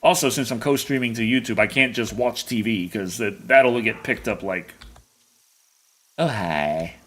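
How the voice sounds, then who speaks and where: A man's voice: medium pitch, moderate pace, fairly bright tone. A young adult man streaming a hunting game, rambling and jokey in casual commentary.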